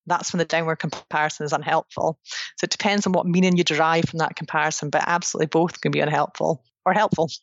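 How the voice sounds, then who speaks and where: A woman's voice: sits low, flat delivery, quick pace, dry recording. A woman, a psychologist and author, explaining ideas earnestly in a conversational interview, often restarting her sentences. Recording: dry, dull lo-fi sound.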